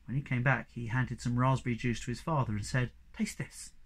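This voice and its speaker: A reader narrating a children's book aloud in an expressive, varied storytelling manner. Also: mid-range voice, fast, creaky.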